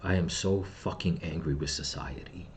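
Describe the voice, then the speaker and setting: A man's voice: low-pitched, normal speed, a little hiss or hum. A middle-aged man telling of his loss, then ranting bitterly and with heavy swearing at the people he blames. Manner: grieving, bitter, profane ranting. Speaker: channel host. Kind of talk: angry personal vlog rant.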